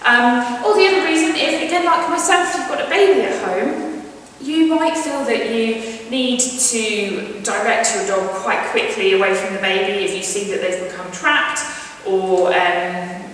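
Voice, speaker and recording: Woman dog trainer, calm teaching voice, higher pitch, echoey room, distant mic. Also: a little slow, a little hiss or hum. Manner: calm explaining, bright high praise to the dog. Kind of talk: instructional demonstration. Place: indoor room at home.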